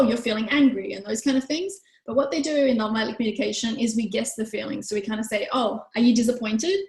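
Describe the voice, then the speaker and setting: A woman, teaching a parenting workshop in a chatty way and acting out quoted lines. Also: a little mellow. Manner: chatty, acts out quoted lines in higher voices. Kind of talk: online workshop talk. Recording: echoey room.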